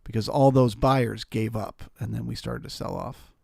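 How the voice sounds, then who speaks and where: A man's voice: medium pitch, fairly even intonation, normal speed, creaky, mellow, no echo. Man explaining market charts, dry sound. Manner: explanatory, talks through charts with restarts. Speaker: trading stream host. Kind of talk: live market commentary.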